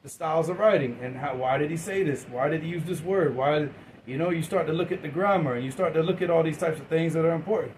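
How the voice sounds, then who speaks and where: A man teaching a class, his voice a little higher than most men's. He keeps asking his students questions and waiting for their answers, and he talks informally, repeating and restarting words. Faint room noise hums behind him. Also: fast talker, darkish tone, low-quality recording.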